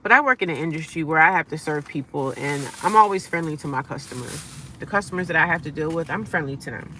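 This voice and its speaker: A woman's voice: deep voice, fast talker, sharp tone, far from the mic, a little hiss or hum. A middle-aged woman chatting casually to her phone from inside her car, upbeat and self-encouraging with sassy asides. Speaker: vlogger living in her car. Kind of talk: casual live-stream chat.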